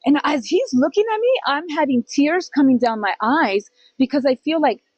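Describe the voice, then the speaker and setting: A woman's voice: high-pitched, animated, moderate pace, a little mellow, no echo, lo-fi sound. A middle-aged woman co-hosting a podcast, telling a personal story in casual chat, acting out quoted voices and dropping in Spanish phrases. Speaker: podcast co-host.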